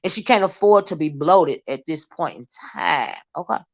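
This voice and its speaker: Woman livestream host, sassy gossip commentary, drawn-out asides, lo-fi dull stream audio. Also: fairly low pitch, expressive, creaky. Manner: sassy, drawn-out asides of "child", reads chat comments aloud.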